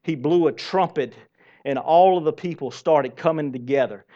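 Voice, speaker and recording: A man preaching a sermon to a church congregation, lively and asking them direct questions. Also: on the high side, moderate pace. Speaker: pastor. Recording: dull lo-fi sermon recording.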